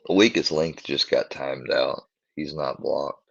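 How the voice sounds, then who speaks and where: A man speaks in a very low, gravelly voice, talking slowly and in a halting way as he hunts for words. This is a casual live stream from home. The audio is dull and lo-fi. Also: steady tone, no echo.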